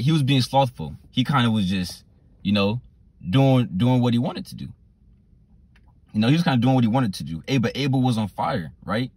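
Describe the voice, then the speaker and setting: A man preaching a sermon, repeating his phrases and reading scripture verses slowly and deliberately. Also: medium pitch, breathy edge, no echo. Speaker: street preacher.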